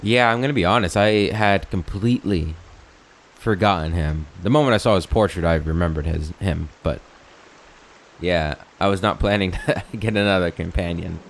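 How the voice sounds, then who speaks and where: A man's voice: sits low, normal speed, a little hiss or hum. A man hosting a let's play, reading game text aloud and chatting in a rambling, easygoing way.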